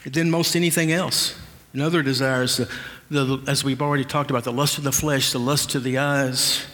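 A man's voice: mid-range voice, fairly even intonation, a little fast, a bit bright, big-room sound, slight background noise. A male pastor preaching an earnest, conversational sermon, often restarting his sentences.

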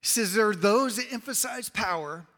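A man with a high, bright voice delivers a sermon in a church, sinking to low, quiet emphasis and then climbing loud and high at his peaks. His voice carries through the sanctuary's long reverb. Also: moderate pace. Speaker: pastor. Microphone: handheld or wireless mic.

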